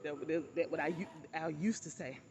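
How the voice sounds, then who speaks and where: A woman's voice: low voice, normal speed, darkish tone, slight background noise. Chatty woman telling stories. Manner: chatty, addresses viewers as honey and you all. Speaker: vlogger telling personal stories. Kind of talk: casual storytelling to viewers.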